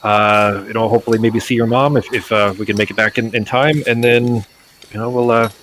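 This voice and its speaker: A man's voice: fairly low pitch, fairly even intonation, brisk, a bit bright, a little hiss or hum. A man running a tabletop game as game master, rambling with many fillers and restarts.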